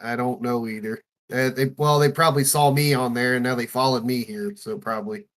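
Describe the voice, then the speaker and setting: A man's voice: medium pitch, steady tone, brisk, a bit bright. A man from southern Ohio, talking casually and hesitantly on a podcast.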